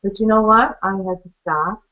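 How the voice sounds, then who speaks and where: A woman talks through her own story on a training call, chatty and quick to laugh. She acts out the conversations she remembers. The sound is thin and narrow, like a phone line. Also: medium pitch. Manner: chatty, laughs often, acts out quoted exchanges. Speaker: guest speaker on a training call. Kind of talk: personal testimony.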